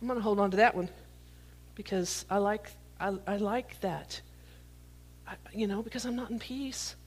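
A woman's voice: medium pitch, fairly even intonation, normal speed, breathy edge. A woman preaching a sermon to a congregation, reading scripture and joking as she catches props. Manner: playful, talks to the congregation, jokes while catching props. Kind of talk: sermon with a live prop illustration.

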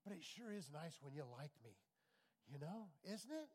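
Pastor, male, middle-aged, raised pitch, emphatic call-and-response preaching. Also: big pitch swings, normal speed, breathy edge. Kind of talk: sermon.

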